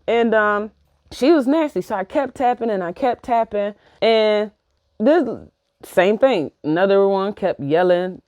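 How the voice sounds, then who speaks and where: A woman, telling a personal story in a casual, slangy, profane and animated way. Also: medium pitch, a little slow, dry recording. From New York. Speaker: vlogger.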